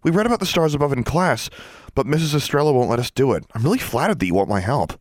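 A man voicing an excitable, eager schoolgirl in an audiobook, gushing and chatty. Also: medium pitch, fast, no room sound, clean studio sound, voice pushed up. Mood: excited.

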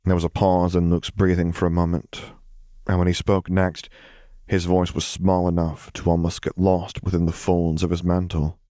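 Male audiobook narrator, very low voice, calm even read, dry close sound. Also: normal speed, dry recording. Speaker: audiobook reader. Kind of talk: fan fiction audiobook narration.

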